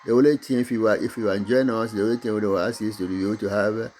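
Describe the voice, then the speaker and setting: A middle-aged man from Togo whose first language is Mina, speaking English with an accent and giving a halting motivational talk about his own business, full of restarts and fillers. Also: fairly low pitch, fairly even intonation, a little mellow, slight background noise. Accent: Togolese. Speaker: business owner.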